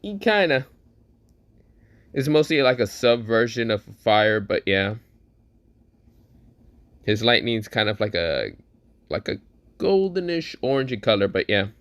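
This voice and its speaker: A man's voice: medium pitch, sing-song, unhurried, long pauses, fairly bright tone, no room sound. A young man hosting a casual, crude, joking fan commentary chat. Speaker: host.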